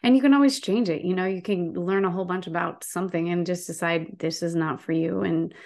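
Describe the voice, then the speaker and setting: A woman's voice: fairly low pitch, fairly even intonation, fairly quick, creaky, darkish tone. A woman, a guest activist, talking passionately in a casual interview and telling stories with frequent restarts.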